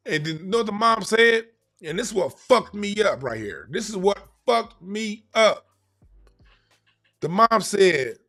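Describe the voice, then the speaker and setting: A man telling a story in a casual, profane, animated way about crisis work. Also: high voice, unhurried, soft background music.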